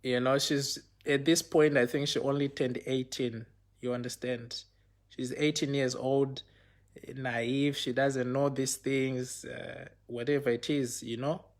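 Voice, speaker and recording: A man's voice: mid-range voice, level tone, measured pace. A young man telling a personal story on a livestream in a casual, rambling way, often repeating himself and checking in with viewers.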